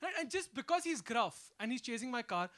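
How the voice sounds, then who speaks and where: A man performing a stand-up comedy set, acting out characters in an animated way. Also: very high voice, brisk. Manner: animated, acts out characters, mixes in Hindi phrases. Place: comedy club stage. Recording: loud crowd and noisy club.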